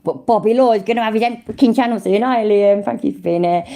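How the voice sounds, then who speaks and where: A woman's voice: medium pitch, quick pace, creaky, mellow. A woman with an East Midlands accent, chatting casually and swearing on a livestream, greeting viewers and answering the chat. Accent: East Midlands English. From English Midlands. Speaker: livestream host.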